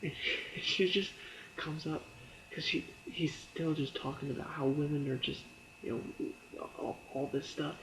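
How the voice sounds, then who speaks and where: Man with a gravelly, slightly high voice. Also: steady tone, a little slow, fairly bright tone, a little hiss or hum, low-quality recording. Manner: chatty, many fillers, laughs while retelling scenes; briefly acts out characters' lines in quotes. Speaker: TV episode reviewer. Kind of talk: casual spoken review.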